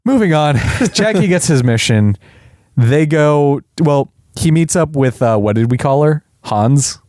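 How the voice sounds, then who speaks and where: Male podcast host, animated, conversational; dry close mic. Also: fairly high pitch, no echo. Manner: animated, quick to do voices and laugh. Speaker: podcast host, movie reviewer. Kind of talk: casual chat.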